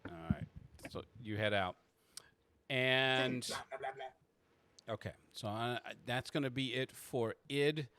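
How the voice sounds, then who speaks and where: A man's voice: mid-range voice, slow pace, long pauses, pushed and bright, clear, resonant tone, dry recording. A man running a tabletop game as game master, narrating in the second person with frequent halts and restarts.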